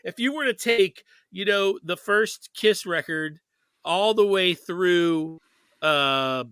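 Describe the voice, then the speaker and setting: Bright-voiced rambling podcast host. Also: male voice, high-pitched, slow pace, clean tone, no room sound. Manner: rambling, many restarts and fillers. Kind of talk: casual chat.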